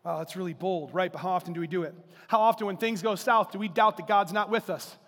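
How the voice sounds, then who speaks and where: A man preaching a sermon as pastor, animated and acting out quotes as he speaks. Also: high voice, quick pace, in a large hall. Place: church sanctuary.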